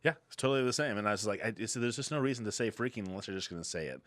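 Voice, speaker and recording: A man's voice: on the low side, expressive, rapid-fire, fairly bright tone, no echo. A middle-aged man co-hosting a casual podcast, easygoing and rambling, often chuckling. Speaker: podcast co-host. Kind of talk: casual chat.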